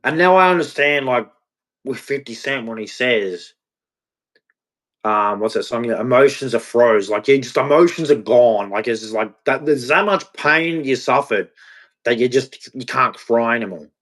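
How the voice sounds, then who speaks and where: A man in a confessional vlog monologue, speaking in a halting, repetitive way and swearing freely. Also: mid-range voice, a bit bright. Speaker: vlogger.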